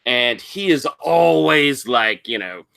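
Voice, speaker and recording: Unhurried, bright-voiced game master. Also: medium pitch, vocal fry. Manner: unhurried, lively storytelling. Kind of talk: narrating a tabletop game.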